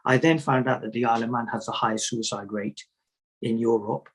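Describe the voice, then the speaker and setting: Guy with a husky voice, sufi teacher type, chatty stories, keeps repeating himself. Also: mid-range voice, fairly even intonation, a little fast, rough recording. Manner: storytelling, repeats words, jokey asides. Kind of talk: conversational interview answers.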